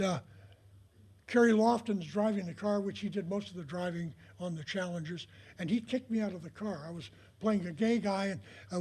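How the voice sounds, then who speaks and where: Older male raconteur with a husky, high voice; rambling stories with acted-out quotes. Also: darkish tone. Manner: rambling, many filler pauses, acts out quoted dialogue. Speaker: retired prop master giving a talk. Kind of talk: anecdotal storytelling talk. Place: talk in front of an audience.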